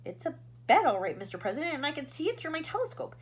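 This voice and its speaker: Give me an eager, deferential male astronaut, as a woman puts him on, polite and keen with a bright, lively voice in a storybook reading. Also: sits high, fast talker, slight background noise, voice pushed up.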